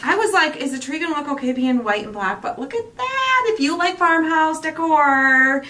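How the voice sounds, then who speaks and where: A woman chats casually while crafting, gushing and rambling. Her voice is animated and fairly high. She sits a little away from the mic, with a faint hiss underneath. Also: normal speed. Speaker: craft show host. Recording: distant mic with faint noise.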